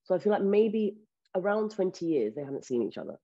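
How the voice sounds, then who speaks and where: A woman with a lowish, mellow voice, speaking quickly and candidly as an actress in a casual interview. She swears casually along the way. The audio is dull and lo-fi. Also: sing-song, breathy edge.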